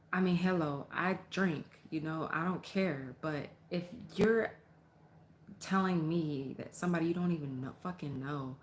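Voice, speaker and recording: A young adult woman vlogging a casual storytime from her apartment, animated and profane as she tells it. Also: fairly low pitch, slight background noise.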